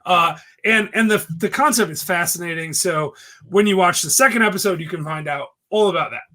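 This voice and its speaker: A man co-hosting a podcast, chatting casually and telling jokes in an animated way. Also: sits high, a little fast. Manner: joking, animated storyteller. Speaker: podcast co-host. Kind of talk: casual chat.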